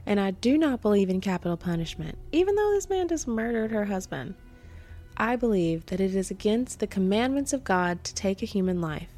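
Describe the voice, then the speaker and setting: A woman's voice: mid-range voice, big pitch swings, fairly quick, warm tone, soft background music. A woman voicing a pious, composed widow with a light Southern American accent as she quotes her. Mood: solemn.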